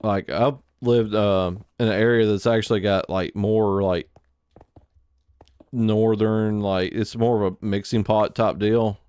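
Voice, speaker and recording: A man's voice: fairly low pitch, fairly even intonation, a little slow, a little mellow, clean tone, dry recording. A man with an Alabama Southern accent, live streaming a survival game and chatting casually in a rambling, filler-heavy way. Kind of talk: casual chat while gaming.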